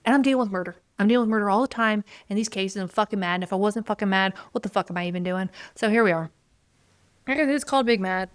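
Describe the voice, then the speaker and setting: A woman hosting a true crime podcast, ranting heatedly and swearing freely, her voice going hoarse. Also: mid-range voice, fast, dry recording, clean studio sound. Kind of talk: solo podcast rant.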